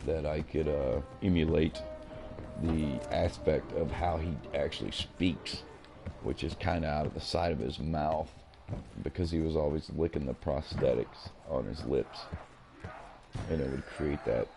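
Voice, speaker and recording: Man, game streamer, casual gameplay commentary, very deep voice, rambling, chatty. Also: unhurried, vocal fry, music in the background.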